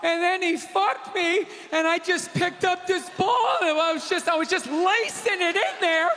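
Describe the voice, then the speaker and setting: A man mocking a shrill bragging airhead wife. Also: unhurried, pushed and bright, full character voice. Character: boastful airheaded woman, athlete's wife. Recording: live theater reverb, crowd noise.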